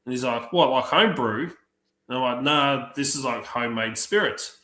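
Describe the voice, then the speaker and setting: A man's voice: mid-range voice, normal speed. Man swearing through bar stories. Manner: profane, animated anecdotes acting out other voices. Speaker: streamer telling stories. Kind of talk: casual storytelling on a livestream. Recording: roomy echo.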